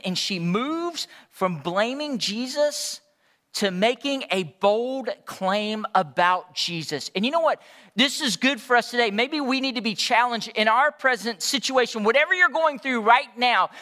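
Bright-voiced man preaching in a reverberant hall. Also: high voice, animated, normal speed. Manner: passionate, rising intensity when retelling scripture dialogue. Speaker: pastor. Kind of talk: sermon.

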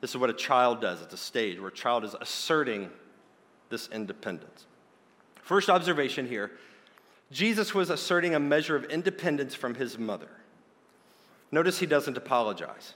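A man preaching a sermon, earnest and emphatic, slowing down to stress key points. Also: medium pitch, lively intonation, fairly bright tone. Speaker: pastor. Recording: long hall reverb.

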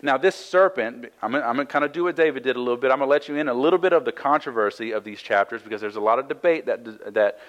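A man's voice: mid-range voice, rapid-fire, hardly any pauses, highs cut off. A man preaching and teaching through a Bible passage in a conversational sermon, reading verses aloud and explaining them with frequent "right?" asides. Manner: reads scripture aloud then explains it. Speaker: pastor.

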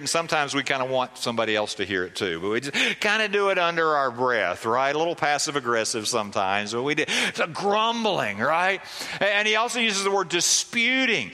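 Pastor guy preaching, pretty high voice, chatty asks-the-crowd style, big reverby hall. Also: bright, forceful tone. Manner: conversational preaching with rhetorical questions. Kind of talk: sermon. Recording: long reverb of a large hall.

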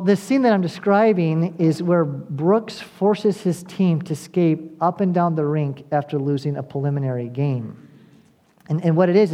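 An earnest preacher delivering a sermon in a mellow, warm-toned voice. The delivery speaks straight to the listeners and builds to emphatic appeals through repetition. Pitch sits in a middle register. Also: highs cut off. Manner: addresses listeners directly. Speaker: pastor.

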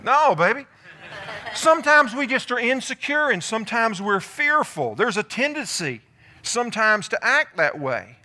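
A male pastor giving a lively sermon, asking the congregation questions and calling on people by name. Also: very high-pitched, moderate pace. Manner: animated, calls on listeners by name, asks the room questions.

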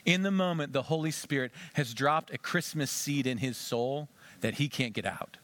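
A male pastor giving an animated sermon, acting out conversations with a volunteer on stage. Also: medium pitch, normal speed.

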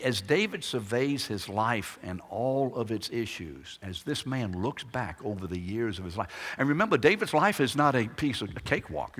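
A man preaching a sermon, swinging between loud, emphatic declarations and hushed, quiet lines. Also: medium pitch. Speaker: pastor. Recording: long hall reverb.

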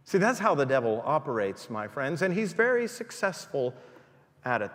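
A man's voice: mid-range voice, sing-song, moderate pace, fairly bright tone, big-room sound. A man preaching a sermon in a church, emphatic and rising and falling for emphasis.

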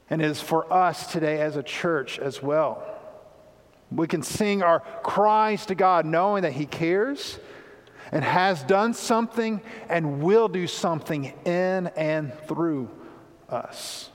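A male pastor preaching a sermon in a church, rising loud and high on the cries he reads out and dropping low to explain. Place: church sanctuary. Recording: long hall reverb.

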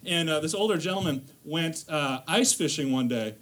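A man's voice: fairly high pitch, expressive, normal speed, a bit bright. A man from the northern US giving a casual sermon as a guest lay preacher in a church, chatty and self-deprecating, with lots of fillers and restarts. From northern United States. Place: church sanctuary.

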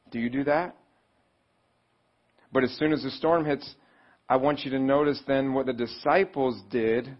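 A male pastor preaching a sermon in a conversational way, asking the congregation questions and acting out pleading voices. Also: highs cut off. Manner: conversational, asks the audience questions; acts out pleading voices with rising pitch.

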